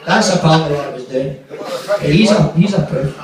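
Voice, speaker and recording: A man's voice: fairly high pitch, normal speed, very echoey, recorded from a distance, heavy background noise. Glaswegian man telling stand-up stories. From Glasgow, Scotland. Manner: profane, rambling anecdotes with acted-out quotes. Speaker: stand-up comedian. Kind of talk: stand-up storytelling. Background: audience laughter.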